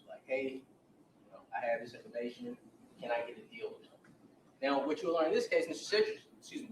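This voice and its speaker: A man's voice: fairly high pitch, slight background noise. A man working as a defense attorney gives an opening statement to a jury, retelling events and acting out the quoted dialogue. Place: courtroom. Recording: echoey courtroom audio from a distance.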